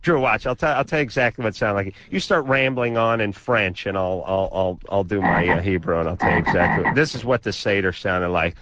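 A man's voice: on the low side, brisk, hardly any pauses, a bit bright, dry recording, dull audio. A man co-hosting a call-in radio show, telling exaggerated, sarcastic stories with crude asides. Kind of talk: comedic storytelling on call-in radio. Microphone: studio microphone.

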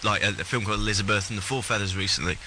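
A British man talks casually as a guest actor, easygoing and full of fillers. His voice sits low but sounds bright, with a faint hiss on the recording. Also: fairly even intonation, very fast, rough recording. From Britain. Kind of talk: casual chat. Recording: light hiss.

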